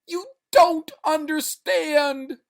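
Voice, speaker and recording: A man voicing a desperate stranded man who shouts in a high, strained voice, read aloud from a story. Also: a little slow, close to an everyday voice. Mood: terrified. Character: stranded desperate man, frantic, terrified of sleep.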